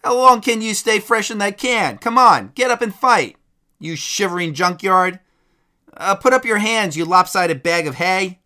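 A man voicing a boastful, cowardly male lion who taunts loudly and then whines. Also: high-pitched, animated, measured pace, full character voice. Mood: taunting. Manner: blustering taunts.

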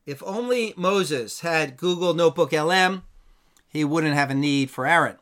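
A man's voice: a little high, normal speed, a bit bright. A man hosting his own channel, reflecting earnestly on a topic in a plain, unscripted way with some fillers and restarts. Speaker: YouTube channel host and Bible teacher. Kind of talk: casual commentary to camera.

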